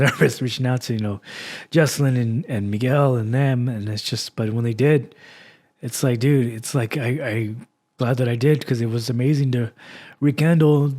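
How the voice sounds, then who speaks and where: A man's voice: mid-range voice, a little mellow. Emotional man hosting a podcast. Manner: raw, heartfelt, motivational, with sighs. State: emotional after crying. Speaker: podcast host. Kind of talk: emotional solo podcast talk.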